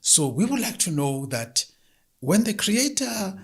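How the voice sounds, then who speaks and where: South african guy doing a lion in a folk tale, husky and gravelly, calm like it's no big deal. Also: high-pitched, measured pace, voice pushed up, heavily acted. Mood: explaining. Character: hungry male lion, calm, matter-of-fact.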